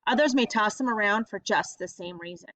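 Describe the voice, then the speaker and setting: A woman voicing a warm, folksy elderly grandmother who talks in a gentle, comforting drawl. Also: medium pitch, brisk, no echo, natural voice. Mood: tender. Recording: dull lo-fi audiobook recording.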